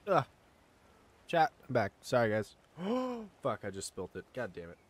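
A young man livestreaming a game, chatting casually with his viewers, excitable and swearing freely. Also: on the low side, moderate pace. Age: young adult. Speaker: gaming livestreamer. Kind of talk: casual live-stream chat.

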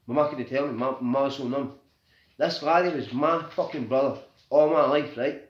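A man's voice: a little high, expressive, moderate pace. Grieving Scottish man, echoey phone recording. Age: 30s. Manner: raw, swearing, says "right?" after nearly every sentence. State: grieving and agitated. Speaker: vlogger. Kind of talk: emotional personal storytelling. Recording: echoey room, dull lo-fi phone audio.

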